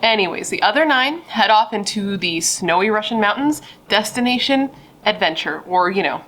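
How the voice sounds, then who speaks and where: A woman's voice: medium pitch, animated, normal speed, fairly bright tone. A woman hosting a true crime video, telling the story in a chatty, playful, self-deprecating way over a casual drink.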